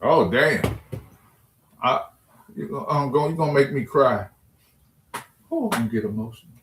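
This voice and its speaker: A man sits at his computer streaming live, reading chat aloud and ribbing his viewers in loose, joking trash talk. He speaks at a middle pitch. The room around him sounds echoey. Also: expressive, normal speed, fairly bright tone, a little hiss or hum.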